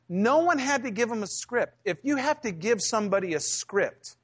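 Wysoki męski głos pastora prowadzącego kazanie. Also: male voice, sits high, fairly bright tone. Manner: conversational storytelling preacher, acting out quotes. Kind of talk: sermon.

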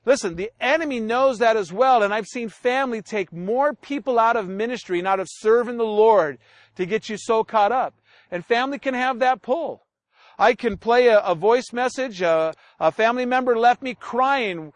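Male pastor, very high voice, animated sermon storytelling, acts out dialogue; close, dead-dry recording. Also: normal speed, no echo.

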